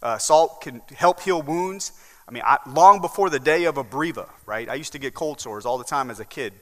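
This male pastor, speaking with a Southern American accent, preaches in a reverberant church sanctuary with mounting emphasis and regular "right?" check-ins. He has a mid-range voice and talks at normal speed.

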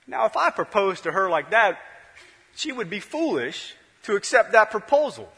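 Male pastor, sermon delivery, bright and husky, rising and dropping volume, long church reverb. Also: high-pitched, sing-song, normal speed. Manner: swings from loud to hushed, repetitive preaching cadence.

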